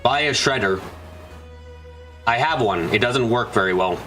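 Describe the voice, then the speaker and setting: Man, let's-play streamer, bright voice, foul-mouthed ranter who talks back to chat. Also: medium pitch, expressive, unhurried, soft background music. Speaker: gaming streamer. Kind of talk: casual let's-play commentary.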